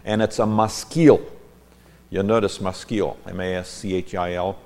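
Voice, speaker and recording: Male Bible teacher, lowish voice, reads scripture with emphasis, then explains the Hebrew. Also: steady tone, moderate pace, a little mellow.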